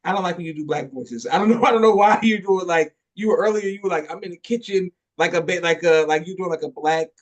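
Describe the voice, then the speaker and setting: A man hosting a podcast in casual interview chat, relaxed and loose with his phrasing. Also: high-pitched, fast, few pauses. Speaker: podcast host.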